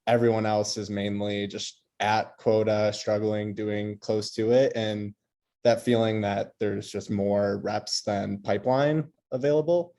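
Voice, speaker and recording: A man's voice: lowish voice, fairly even intonation, a little slow, mellow. A man calling in with a question, polite and a bit rambling. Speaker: caller asking a question. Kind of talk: question on a video call.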